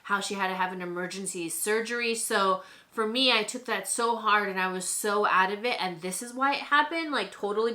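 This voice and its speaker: Chatty young woman with a bright voice. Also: medium pitch. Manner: chatty and animated, with lots of "like" fillers. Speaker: beauty vlogger. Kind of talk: casual storytelling while doing makeup.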